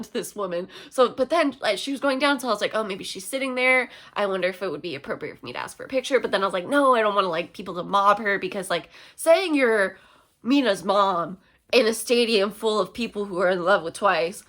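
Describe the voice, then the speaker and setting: A woman's voice: mid-range voice, brisk. Chatty young woman telling a story. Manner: chatty, excitable, many fillers. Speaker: vlogger. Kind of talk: casual storytime.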